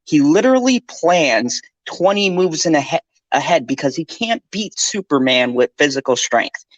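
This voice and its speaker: A man's voice: fairly high pitch, moderate pace, no room sound, low-quality recording. A man co-hosting a live pop culture stream, talking casually and ranting with lots of swearing. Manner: animated, profane, ranting.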